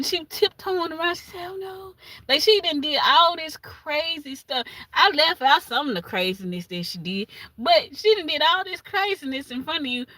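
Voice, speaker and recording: Bright-voiced woman retelling a story. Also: high voice, no room sound. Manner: animated retelling with laughs and asides. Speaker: livestream host. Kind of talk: casual storytelling recap.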